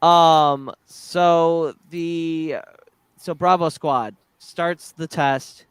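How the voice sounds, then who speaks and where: A man hosting a podcast, chatting casually and excitedly, with many fillers and restarts. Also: fairly high pitch, extremely slow, clean tone, no echo. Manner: excited, retells scenes with filler-heavy restarts. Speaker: podcast host. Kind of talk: casual chat.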